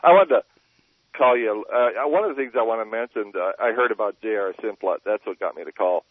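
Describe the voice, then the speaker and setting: Older guy calling in, chatty, hops topics, low voice, phone line sound. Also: brisk, breathy edge, dry recording. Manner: chatty, laughs often, jumps between topics. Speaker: caller. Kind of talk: call-in phone conversation. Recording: tinny phone line over radio.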